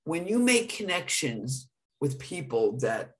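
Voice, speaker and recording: A man's voice: a little high, very animated, slow pace, a bit bright. A man co-hosting a live podcast, talking in an effusive, emotional, gushing way. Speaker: podcast co-host.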